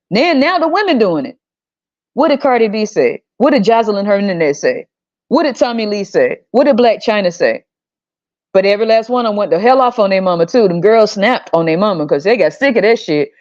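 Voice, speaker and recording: A woman podcast host talks in a blunt, profane rant at a middle pitch. She jumps into shrill, exasperated outbursts. The recording sounds slightly dull and lo-fi. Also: a little mellow. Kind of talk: opinionated rant.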